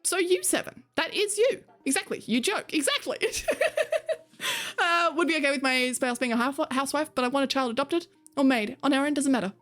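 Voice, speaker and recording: A woman's voice: sits high, fairly quick, a bit bright, soft background music. A woman streaming, chatting with her viewers in a casual way, laughing often and swearing casually. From Australia. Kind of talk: casual chat reading stream chat.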